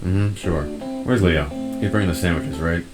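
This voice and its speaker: A man with a low voice reading the lines of an eager, talkative young male lynx in a visual novel. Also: normal speed, loud music behind the voice, close to an everyday voice. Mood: chatty.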